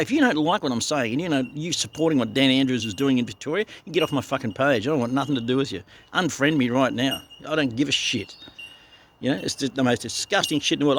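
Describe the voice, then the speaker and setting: A man's voice: mid-range voice, a little hiss or hum. An older man with an Australian accent delivering a blunt, profane, heated ranting monologue as a vlogger.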